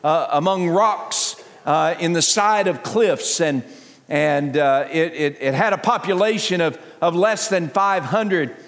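A man preaching a sermon as pastor, animated and conversational, acting out scoffing voices of a crowd with asides to his congregation. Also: fairly high pitch. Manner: frequent fillers and restarts, self-deprecating asides. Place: church sanctuary. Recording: reverberant church hall.

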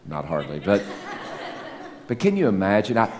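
A middle-aged man preaching a sermon, animated, swinging between loud peaks and soft low asides, with self-mocking humor. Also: moderate pace, some chatter behind. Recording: long hall reverb, faint ambience.

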